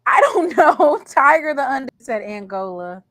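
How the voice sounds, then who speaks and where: A woman chats about college football, teasing and emphatic. Her pitch swings a lot, and her tone is bright. The recording is dry and close. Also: sing-song, normal speed, dry recording. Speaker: co-host. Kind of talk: casual sports chat.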